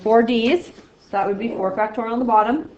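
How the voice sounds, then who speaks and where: Excitable woman teaching a math class. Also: on the high side, fairly quick, muffled recording, a little hiss or hum. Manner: loud, excitable, self-mocking. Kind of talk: classroom lesson.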